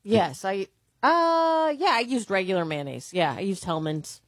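A woman on a radio show chats easily with her co-hosts and answers with quick, agreeable replies. Her voice is picked up close and dry by a studio mic. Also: medium pitch, lively intonation, no room sound. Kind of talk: casual radio banter.

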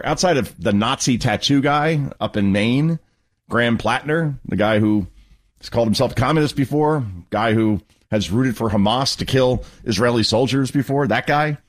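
A man hosting a political talk radio show, commenting with sarcastic, mocking asides. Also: mid-range voice.

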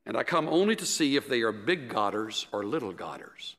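A man voicing a gentle, wise elderly male seminary professor, speaking kindly and unhurriedly. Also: medium pitch, very animated, brisk, vocal fry. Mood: gentle, earnest. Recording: echoey hall.

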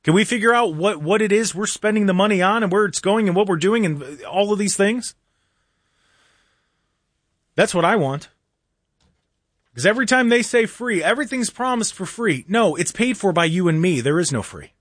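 Sarcastic talk radio host, dry studio. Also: male voice, high-pitched, expressive, moderate pace, pauses often, a bit bright, dry recording. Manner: rambling, sarcastic, mock-earnest asides. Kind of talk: opinionated talk radio monologue. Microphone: studio microphone.

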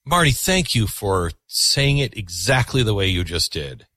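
A low-voiced man hosting a call-in radio show. He talks in a husky, lively way, earnest and reflective as he takes callers. The sound is dry and close. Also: measured pace, dry recording. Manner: earnest, reflective, taking calls. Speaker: radio talk show host.

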